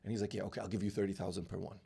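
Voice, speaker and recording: Gravelly low-voiced man telling a lively story. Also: very fast. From UAE. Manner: animated anecdotes, acting out dialogue, many restarts. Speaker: real estate founder, guest. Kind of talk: storytelling interview.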